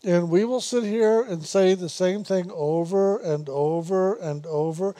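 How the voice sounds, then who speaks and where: Slow, mellow-voiced man teaching meditation. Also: high-pitched. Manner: unhurried, repetitive, gently teasing with laughs. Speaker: spiritual teacher. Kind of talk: meditation talk.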